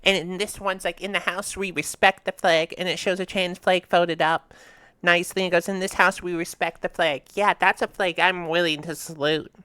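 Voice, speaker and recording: A woman's voice: fairly low pitch, steady tone, normal speed, bright, forceful tone, smooth, dry recording. A woman hosting a casual reaction video, reading meme captions aloud and chatting with sass. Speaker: host reacting to memes.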